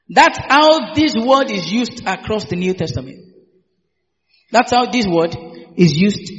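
Preacher guy, high voice, keeps shouting hallelujah and laughing, dull lo-fi sound. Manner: exuberant, laughing, peppered with hallelujahs and repetitions. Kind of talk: sermon. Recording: echoey hall, dull lo-fi sound.

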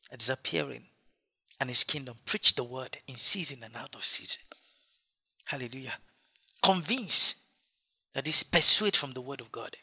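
A man's voice: medium pitch, bright, forceful tone, slightly rough. A man preaching a sermon as pastor, with an emphatic, repetitive cadence and frequent exclamations.

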